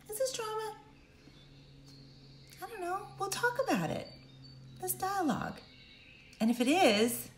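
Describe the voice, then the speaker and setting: A middle-aged woman coaching viewers directly, emphatic and animated, acting out quotes in sudden high voices. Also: roomy sound. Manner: animated, emphatic, acts out quotes with big pitch jumps. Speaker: speaker and coach. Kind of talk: direct-to-camera talk.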